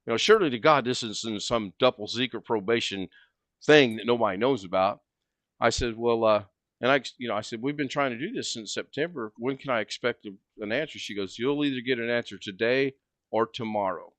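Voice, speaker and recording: A man hosting a livestream, telling a long story in a casual, animated way and acting out both sides of the conversation. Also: mid-range voice, fairly quick, no room sound. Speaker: livestream host.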